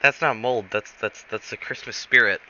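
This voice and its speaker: A man's voice: mid-range voice, moderate pace, sharp tone, slight background noise. A man voicing a puzzled young soldier who asks plain, baffled questions, in a dull lo-fi recording.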